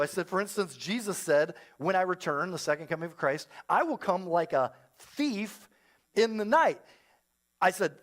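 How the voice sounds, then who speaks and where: A man's voice: high-pitched, fairly bright tone. A man in his thirties, a pastor preaching a sermon, telling a story with self-deprecating humor. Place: church service with live audience.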